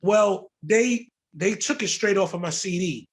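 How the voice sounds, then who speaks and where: A man from the Bronx, a music producer telling stories in a casual interview, profane, animated and full of slang. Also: high-pitched, measured pace. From the Bronx, New York.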